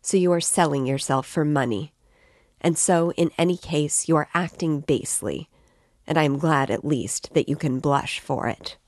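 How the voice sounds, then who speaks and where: A woman reading the part of a brooding, bitter young man in a storybook reading, slow and low in his scornful thoughts. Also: no echo, clean studio sound, lightly acted. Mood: grave, cutting.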